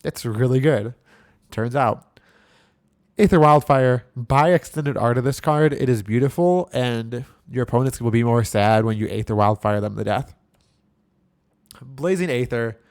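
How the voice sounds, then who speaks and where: A man's voice: mid-range voice, measured pace, darkish tone. A young man giving a casual, rambling and enthusiastic breakdown of a card game deck. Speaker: card game content creator.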